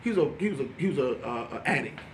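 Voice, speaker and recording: A man in his fifties doing stand-up comedy, telling stories in an animated way, laughing through his punchlines and acting out the people in them. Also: mid-range voice, very fast, reverberant, a little hiss or hum. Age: 50s.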